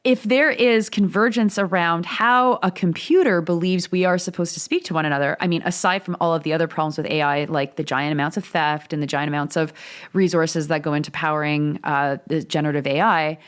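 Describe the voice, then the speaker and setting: A woman's voice: low-pitched, steady tone, fairly quick, smooth. A woman co-hosting a podcast, talking in a thoughtful, musing way with long reflective sentences. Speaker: podcast co-host. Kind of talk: casual conversational podcast chat.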